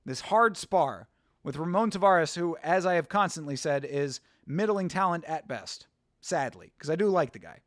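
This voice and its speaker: A man's voice: fairly high pitch, animated, normal speed, no echo, studio quality. A young American man hosting a casual fight watch-along, chatting with viewers and swearing casually. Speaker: livestream host.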